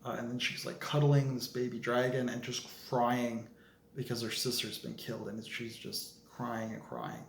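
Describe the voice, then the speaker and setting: A man's voice: medium pitch, animated, normal speed, gravelly, echoey room, a little hiss or hum. A man talking casually through a story he has written, rambling with many fillers. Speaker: fiction writer. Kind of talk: casual vlog explanation of a story.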